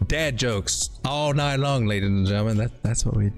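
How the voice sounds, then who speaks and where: A man's voice: mid-range voice, moderate pace, hardly any pauses, soft background music. A man hosting a late-night crypto livestream, casually rambling through chart analysis with playful dad jokes. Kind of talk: casual live market analysis.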